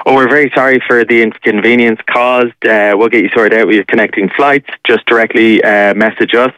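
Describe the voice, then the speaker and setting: Smooth-voiced man telling a story. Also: fairly low pitch, fairly bright tone, dry recording, lo-fi sound. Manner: rambling storytelling with many fillers. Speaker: caller, journalist. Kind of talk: telling a personal story on radio.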